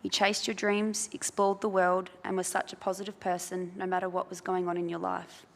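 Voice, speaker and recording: An Australian woman leads a funeral service and reads a eulogy aloud, soft and measured. Her voice rings out in a chapel with a long reverb. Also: on the low side, monotone, creaky. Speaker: funeral celebrant. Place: crematorium chapel.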